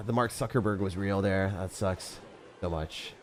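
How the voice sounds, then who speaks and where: A man streaming gameplay, chatting casually with viewers in a slangy way, with sudden loud excited outbursts. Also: on the low side, a little slow, creaky. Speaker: gaming streamer.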